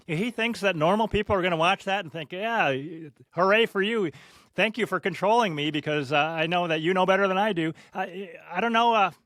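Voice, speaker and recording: A man speaking as a podcast guest in casual conversation, halting and stammering often. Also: on the high side, a bit bright, no echo, studio quality. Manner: halting, many stammers and fillers.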